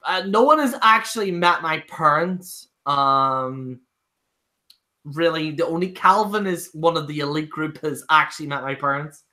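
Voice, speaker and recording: Lively Belfast man telling pub stories. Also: fairly high pitch, measured pace. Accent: Northern Irish. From Northern Ireland. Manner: swearing, laughing storyteller. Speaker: show host. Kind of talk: casual live-stream chat.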